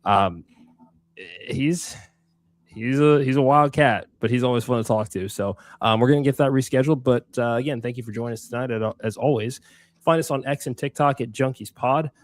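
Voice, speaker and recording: A man co-hosting a podcast in casual, energetic chat, leaning on fillers and dropping the occasional curse. His voice sits at a middling pitch and is recorded close and dry, with no room sound. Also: moderate pace, no room sound. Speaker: podcast co-host.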